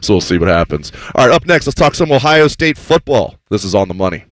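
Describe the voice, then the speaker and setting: Low-voiced man, lively opinionated co-host. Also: fast. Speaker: sports talk show co-host. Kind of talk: casual chat.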